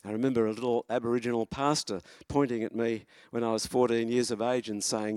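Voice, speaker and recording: A man in his seventies delivers a sermon at a church lectern. He sounds earnest and encouraging, often stopping to restart a phrase. His voice sits at an average pitch and is recorded dry and close. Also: level tone, brisk, few pauses, clear, resonant tone, dry recording. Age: 70s. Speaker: preacher.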